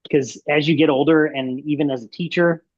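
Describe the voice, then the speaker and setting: A man's voice: fairly high pitch, fairly even intonation, a little fast, no echo. A man who works as a teacher, talking casually as an interview guest and rambling with lots of fillers. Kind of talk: casual video call interview. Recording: dry, dull lo-fi sound.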